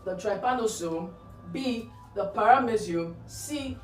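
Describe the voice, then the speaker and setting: A woman's voice: medium pitch, expressive, unhurried, soft background music. A woman teaching an exam-prep biology lesson. She keeps asking "what?" and answering herself, and she checks in with "okay?" after most points. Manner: asks rhetorical "what?" questions and answers them; checks understanding with frequent "okay?". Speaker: biology tutor. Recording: roomy, distant mic, faint ambience.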